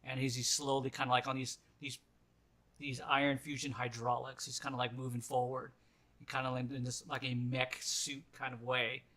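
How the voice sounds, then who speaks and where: A man's voice: medium pitch, flat delivery, normal speed, sharp tone. A man narrating as game master of a tabletop role-playing game, rambling with lots of "like" and "kinda".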